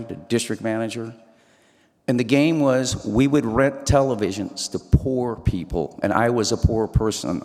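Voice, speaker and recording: A man's voice: on the low side, a little mellow. A man telling his life story in a hall. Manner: earnest storyteller with quoted dialogue. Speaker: speaker. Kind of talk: personal life story talk. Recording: hall reverb.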